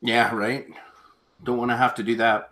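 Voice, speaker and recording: A man's voice: mid-range voice, little pitch movement, moderate pace, a bit bright. A man hosting a live auction stream, chatting casually in an easygoing, rambling way. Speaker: auction show host.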